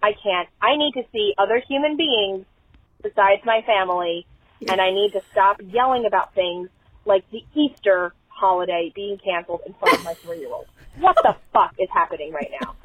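A woman's voice: medium pitch, moderate pace, fairly bright tone, husky, dry recording. A mother leaving an exasperated, swearing rant as a voicemail to a podcast. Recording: tinny dry phone voicemail.

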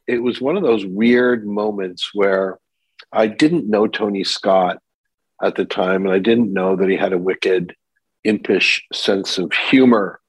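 Older man with a husky, dry voice. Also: lowish voice, a little slow, dry recording, rough recording. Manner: animated anecdote teller, mimics voices in quotes. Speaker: actor guest. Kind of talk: storytelling in a podcast interview.

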